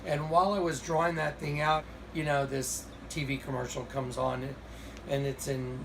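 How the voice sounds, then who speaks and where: A man tells a story in an excited, rambling way, restarting his sentences. His voice sits a bit high. A clear hiss of noise runs under the recording. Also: normal speed. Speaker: video host. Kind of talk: casual recorded monologue.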